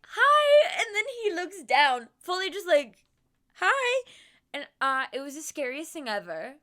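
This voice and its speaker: A young woman streamer chatting casually on stream, speaking in a put-on Boston accent. She is animated and self-deprecating, acts out quotes and giggles often. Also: sits high, clean tone. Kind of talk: casual chat. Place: home streaming setup.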